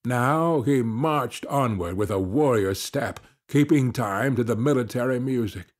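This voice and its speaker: Slow, husky male audiobook narrator. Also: mid-range voice. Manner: measured, dramatic reading.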